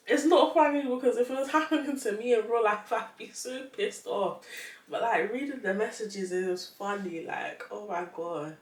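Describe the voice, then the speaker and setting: A woman's voice: a little high, moderate pace. A young woman reads online posts aloud and chats casually, laughing often and reacting with disbelief. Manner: laughs often, animated and incredulous. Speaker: vlogger. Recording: echoey room, mic at a distance.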